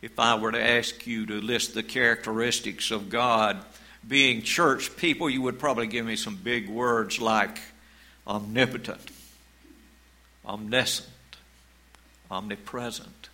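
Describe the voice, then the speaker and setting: A man preaching a sermon as pastor, in a slow, measured way, reading scripture aloud. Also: on the low side, steady tone, sharp tone, poor audio.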